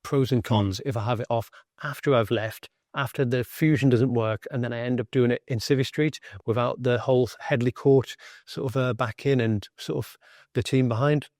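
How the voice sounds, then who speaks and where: A middle-aged man, a former Royal Marine, candidly recounting his experiences in a blunt, animated way. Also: mid-range voice, moderate pace, no room sound, clean studio sound. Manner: blunt, animated, swears freely. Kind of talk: candid personal storytelling.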